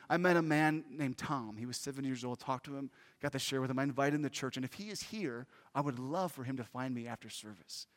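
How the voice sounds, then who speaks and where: Male preacher, earnest and animated, a touch high, reverberant sanctuary sound. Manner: earnest, animated storytelling with questions to the congregation. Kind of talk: sermon with personal story. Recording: long reverb of a large hall.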